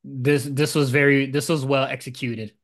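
A man co-hosting a podcast in casual chat, relaxed and cursing freely. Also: medium pitch, moderate pace. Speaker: podcast co-host.

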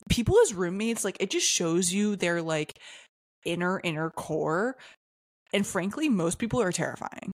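A young woman co-hosts a casual podcast with a fairly low voice. She chats loosely, agreeing and trailing off mid-thought. The sound is dry and close. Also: expressive, normal speed, dry recording. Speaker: podcast co-host. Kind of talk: casual chat.

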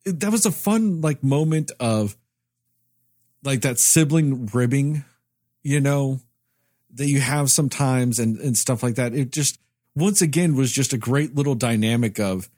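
Podcast co-host, man, animated rambling pitch, dry close sound. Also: no echo. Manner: rambling, many "you know" fillers. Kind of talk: casual movie review chat.

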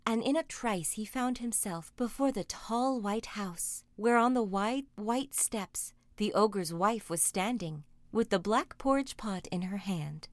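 Lady reading a fairy tale, dramatic and lively, dry close mic. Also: medium pitch, unhurried, few pauses, no echo. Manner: expressive, dramatic. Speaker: storyteller. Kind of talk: storybook reading.

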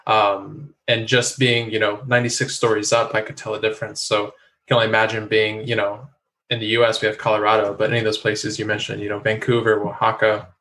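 Bright, flat-voiced male host. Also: on the low side, fast talker, low-quality recording. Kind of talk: casual interview.

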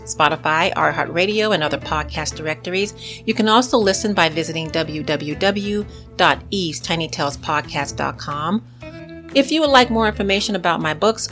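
A woman's voice: medium pitch, fairly bright tone. A woman hosting her own podcast, telling short stories and facts in a chatty way and talking straight to her listeners. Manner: chatty, addresses listeners as guys. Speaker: podcast host. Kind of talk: solo podcast narration.

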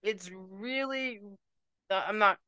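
A woman's voice: medium pitch, slow, pushed and bright, smooth, dry recording, muffled recording. A woman from Puerto Rico ranting emphatically to camera as a vlogger, dropping Spanish words into her talk. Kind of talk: emotional rant to camera.

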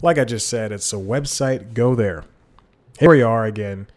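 Man, solo podcast host, somewhat low voice, rambling, self-correcting, chuckling asides, desk mic. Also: normal speed. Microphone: headphones and desk mic.

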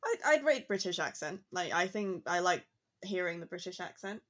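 A woman's voice: lowish voice, expressive, normal speed, a bit bright. Casual co-host: woman, conversational, reflective, easy laughter. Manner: chatty, reflective, laughs easily. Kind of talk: casual chat.

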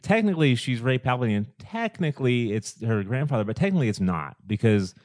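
A man co-hosting a casual podcast, talking through film plots in an animated, rambling way, full of restarts and rhetorical questions. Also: mid-range voice, brisk, no echo, clean studio sound. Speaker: podcast co-host.

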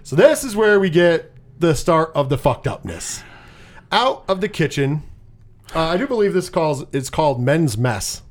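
A man's voice: fairly high pitch, sing-song, moderate pace. A man casually retelling a film's plot on a podcast, rambling, swearing freely and acting out the characters' lines. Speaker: podcast co-host. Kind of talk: casual movie recap chat.

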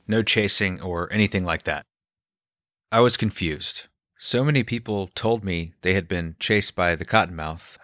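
A man calmly telling a personal story, quoting the people he met along the way. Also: low-pitched, dry recording, clean studio sound. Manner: calm, reflective storyteller.

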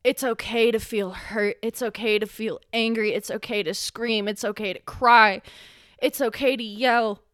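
A young woman hosts a solo podcast, talking with raw, impassioned emotion and freely swearing. Her voice sits a little high and she takes her time over every phrase. The recording is close and dry, with no room sound. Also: steady tone, unhurried, no room sound. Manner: impassioned, swearing, rising to yelling when angry. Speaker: podcast host.

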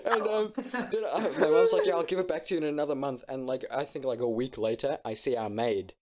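A man's voice: medium pitch, quick pace. A young man in casual podcast chat, telling childhood stories and laughing often. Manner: animated storyteller, laughs often. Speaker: podcast co-host.

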